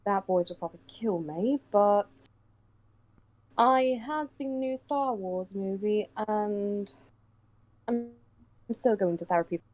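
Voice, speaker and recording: A woman's voice: medium pitch, slow, pauses often, darkish tone, faint music behind, rough recording. A woman who works as a voice actress, guesting on a livestream, chatting casually and playfully with many ums over remote voice chat.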